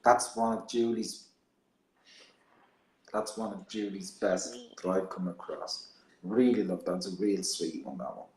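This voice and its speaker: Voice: low-pitched, measured pace, long pauses, a little mellow, reverberant. A radio co-host making jokey, wry comments in casual banter between poems.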